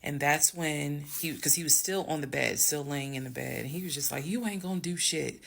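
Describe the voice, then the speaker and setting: A woman telling a story from her own life to viewers, emphatic and direct, dropping to hushed whispers and rising to loud bursts. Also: deep voice, fairly even intonation, brisk, creaky. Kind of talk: storytime monologue.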